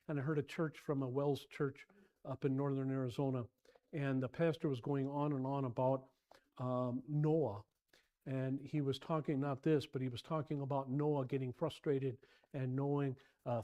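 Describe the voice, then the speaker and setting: A man with a mid-range voice teaches an informal church Bible class. His delivery is animated and meandering, full of repetition, with a frequently exasperated tone.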